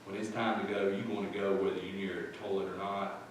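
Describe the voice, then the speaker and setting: A man's voice: deep voice, flat delivery, a little fast, slight background noise. A male pastor preaching a sermon in a plain-spoken, folksy storytelling way. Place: church sanctuary. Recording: echoey church from far off.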